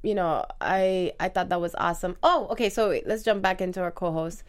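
A woman's voice: lowish voice, a little fast, clean tone. Chatty woman hosting a recap show. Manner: animated, laughs often, reads listener comments. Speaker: podcast host. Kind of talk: casual recap chat.

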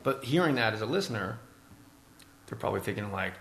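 A gravelly-voiced man hosts a casual podcast as a stand-up comedian. He teases his guest bluntly and swears freely, with a rough edge on his voice. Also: fairly low pitch, lively intonation, brisk, fairly bright tone, echoey room.

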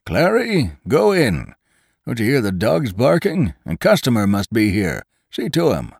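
A man's voice: medium pitch, sing-song, a little slow, vocal fry, dry recording, studio quality, voice pushed up, heavily acted. A man putting on a fussy old innkeeper, storybook, grumbling and calling out, voice pushed up above his own, as if from across the yard.

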